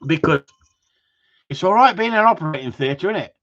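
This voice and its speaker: A man's voice: a little high, lively intonation, brisk, a bit bright, muffled recording. A man chatting casually to viewers in a rambling, cheeky way, swearing freely. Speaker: vlogger.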